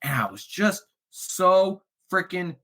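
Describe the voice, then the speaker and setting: A middle-aged man, a podcast guest, telling a candid personal story in an emotional way that drops to quiet murmurs and rises to loud outbursts. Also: animated, slow pace. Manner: emotional, swings from low murmurs to loud shouts.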